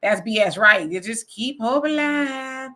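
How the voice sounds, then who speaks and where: A woman's voice: a little high, animated, unhurried, pushed and bright. A woman hosting a casual live online talk show, reading viewer comments aloud, frank and laughing often.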